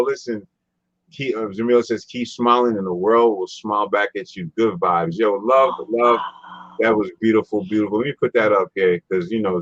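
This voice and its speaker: Deep-voiced laid-back male host. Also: a bit bright, muffled recording. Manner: laid-back, rambling, repeats phrases. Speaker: show host. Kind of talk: casual talk show chat.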